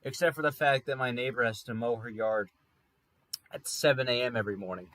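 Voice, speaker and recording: A man's voice: medium pitch, a little fast, fairly bright tone, no room sound. Rambling man telling stories, dry sound. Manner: rambling, self-correcting, wry. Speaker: podcast host. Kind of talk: casual rambling storytelling monologue. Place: room in an apartment near a highway.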